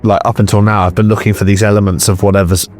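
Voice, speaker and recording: A man's voice: fairly low pitch, flat delivery, quick pace, darkish tone, soft background music. A man playing a tabletop horror game, brash and jokey, swearing freely. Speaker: player.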